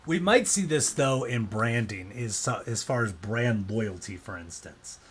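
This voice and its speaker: A man's voice: on the low side, lively intonation, unhurried, breathy edge. A man presenting a casual explanatory talk, loose and conversational, often acting out quoted reactions.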